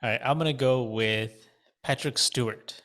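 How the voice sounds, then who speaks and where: Hesitant, low-key podcast guy. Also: normal speed, a bit bright. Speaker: podcast co-host. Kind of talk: casual chat.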